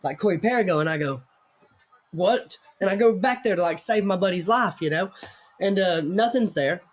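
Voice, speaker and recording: A man tells a story in a loose, rambling way, swearing and poking fun at himself. His voice sits high for a man. He talks casually to a guest. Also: animated, brisk. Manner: rambling, profane, self-mocking storytelling. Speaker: host.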